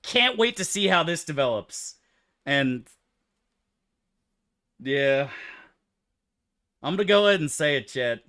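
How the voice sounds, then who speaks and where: Pausing long and speaking slowly, he replies to his chat while he plays, in a voice that's a little high, expressive and sharp. It's casual livestream talk, loose, profane and meandering.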